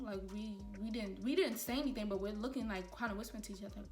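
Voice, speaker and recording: A young woman telling a storytime to her viewers while doing her makeup, animated and talking straight to them. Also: on the high side, fast, roomy sound, far from the mic, faint music behind. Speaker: beauty vlogger.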